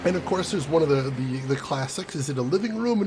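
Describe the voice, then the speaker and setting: A man's voice: medium pitch, lively intonation, normal speed, darkish tone, slight background noise. A man from the Chicago area, a game streamer chatting casually with his live viewers and laughing often. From Chicago area, USA. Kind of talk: casual chat with live viewers while gaming. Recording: music playing under the voice.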